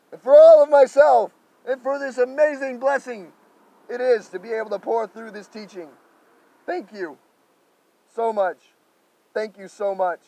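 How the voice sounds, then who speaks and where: A man giving an improvised spiritual monologue to camera, effusive and gentle, pausing often and repeating thanks and loving affirmations. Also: very high voice, noisy background. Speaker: spiritual speaker.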